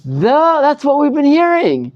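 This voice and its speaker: A man's voice: very high voice, wildly swooping pitch, measured pace, dull audio. A man, a rabbi, giving a live Bible study lecture to students, dramatizing the text with many restarts. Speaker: rabbi teaching a class.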